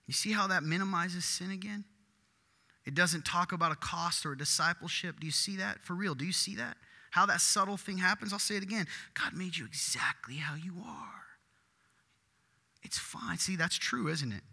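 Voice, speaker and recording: Male pastor, fairly high bright voice, lively emphatic sermon delivery. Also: fairly quick, gravelly, long reverb tail. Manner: animated, rising to loud emphatic bursts. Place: church.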